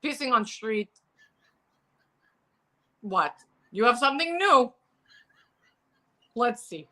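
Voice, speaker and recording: A woman's voice: fairly high pitch, slow pace, full character voice. Woman putting on a blunt Russian-accented lady. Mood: deadpan blunt. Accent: put-on Russian. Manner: deadpan, blunt broken English. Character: brash Eastern European woman Svetlana, deadpan. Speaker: co-host. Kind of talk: comedic talk show banter.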